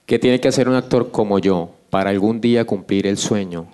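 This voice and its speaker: A man's voice: fairly low pitch, fast, mellow. A man from Colombia, an actor, asking a question from the audience in an earnest, effusive way.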